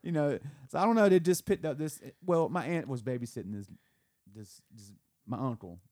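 A man's voice: on the high side, animated, fairly quick, dark tone, dry recording, studio quality. A man from the American South co-hosting a podcast, telling a family story in a rambling way with restarts and laughs. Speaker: podcast co-host. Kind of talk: casual chat.

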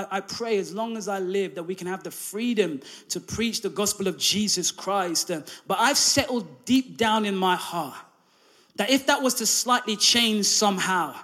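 A man preaches to his church with a notably high voice. He tells the story with many fillers and restarts, then builds to loud emphasis on his main points. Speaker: pastor. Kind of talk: sermon.

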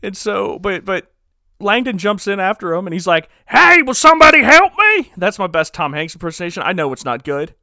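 A man casually recapping a movie plot on a podcast, rambling and joking with quick asides. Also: high voice, fairly even intonation, fairly bright tone, no echo, studio quality. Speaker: podcast co-host recapping a film.

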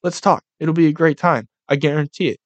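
A young man hosting a casual solo podcast, ranting with lots of swearing in an animated, loose way. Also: fairly high pitch, a little fast, dry recording, lo-fi sound. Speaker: podcast host.

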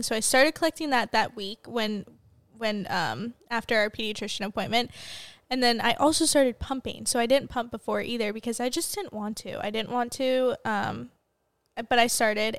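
Young woman, bright-pitched, clear resonant voice, dry studio sound, casual chatty talk. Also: dry recording. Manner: chatty, detailed storytelling. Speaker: podcast co-host, new mother. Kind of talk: casual chat.

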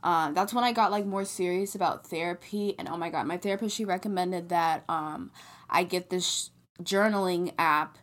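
A woman's voice: on the low side, normal speed. A young woman in her late teens co-hosting a podcast, talking candidly and self-mockingly, with frequent swearing. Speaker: podcast co-host. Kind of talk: casual chat.

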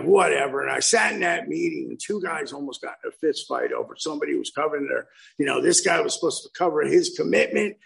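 A man's voice: on the high side, gravelly, bright, forceful tone, low-quality recording. A man in his fifties telling his recovery story at a meeting, acting out the quotes with lots of animation. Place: meeting room.

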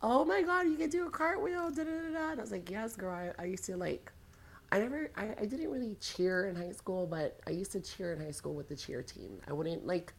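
A woman chatting casually as a podcast guest, telling animated, dramatic stories with sassy asides. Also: deep voice, vocal fry. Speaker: guest storyteller. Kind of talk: casual chat.

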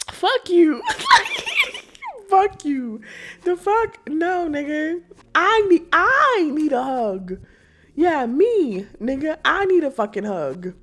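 A young woman hosting a podcast, ranting with lots of cursing and laughter and mocking the people she talks about. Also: very high voice. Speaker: podcast host. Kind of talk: casual podcast rant.

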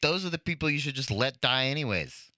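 A man co-hosting a podcast in casual banter, wry and teasing, swinging between low mumbles and sudden bursts. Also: expressive, a little fast, bright, forceful tone, no room sound, clean studio sound. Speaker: podcast co-host.

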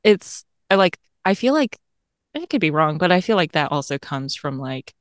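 A woman's voice: deep voice, very animated, moderate pace, no room sound, clean studio sound. A woman from Tennessee co-hosting a poetry podcast, chatting casually with fillers and laughter. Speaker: podcast co-host. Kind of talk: casual chat about poetry.

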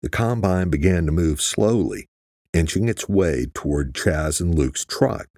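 A man narrating a thriller audiobook in a steady, husky voice. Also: deep voice, measured pace, no echo, studio quality. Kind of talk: scripted narration.

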